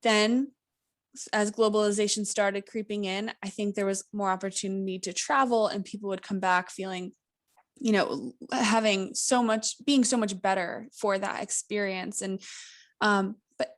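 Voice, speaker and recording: A woman's voice: medium pitch, fairly even intonation, normal speed. A woman hosting a podcast, talking things through in a thoughtful, casual way with frequent fillers. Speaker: podcast host.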